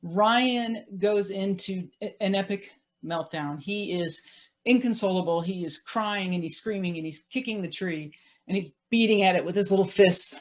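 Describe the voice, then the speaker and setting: Lively self-mocking woman storyteller. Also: medium pitch, normal speed. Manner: lively, self-mocking, laughs while telling. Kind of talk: live personal storytelling.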